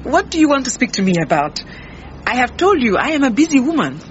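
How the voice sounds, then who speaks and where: An actress playing a proud, defensive head cook who talks brusquely. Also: female voice, high-pitched, very animated, a little fast. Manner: brusque, indignant. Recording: muffled with faint hiss.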